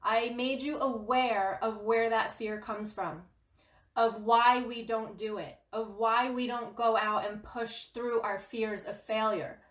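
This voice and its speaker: Woman on a live stream, fired up and emphatic, laughs a lot, bit high voice, echoey room. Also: fairly even intonation, slow, a bit bright. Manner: passionate, emphatic, laughs often. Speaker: spiritual guidance host. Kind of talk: motivational livestream talk.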